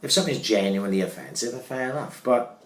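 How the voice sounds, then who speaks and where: A man's voice: mid-range voice, expressive, quick pace. A man, co-hosting a casual chat, blunt and full of swearing. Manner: blunt, heavy swearing, keeps asking "you know what I mean". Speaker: podcast co-host. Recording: roomy echo.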